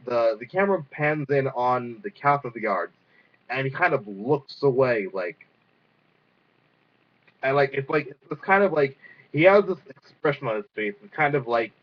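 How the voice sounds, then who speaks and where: A young man casually reviewing a cartoon episode, rambling with lots of fillers and the odd swear word. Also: medium pitch. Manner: rambling, filler-heavy, profane. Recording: dull lo-fi sound.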